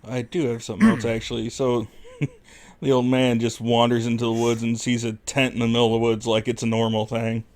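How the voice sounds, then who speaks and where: A man's voice: mid-range voice, little pitch movement, fairly quick, a little mellow. A man co-hosting a podcast, adding short, dry comments in casual chat. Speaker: podcast co-host. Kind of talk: casual movie-review chat.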